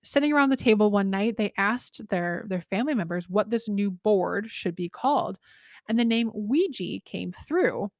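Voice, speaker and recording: A young adult woman co-hosting a podcast in casual chat, lively, laughing easily and often correcting herself mid-sentence. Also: medium pitch, moderate pace, dry recording, clean studio sound. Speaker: podcast co-host.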